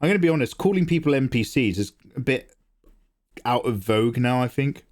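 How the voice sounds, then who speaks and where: This is a young man chatting on his live art stream. He jokes and swears freely as he reads and answers chat. His voice sits at a middle pitch but swings up and down a lot. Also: lively intonation, brisk, a little mellow. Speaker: livestream host, artist. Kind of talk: casual chat while drawing live.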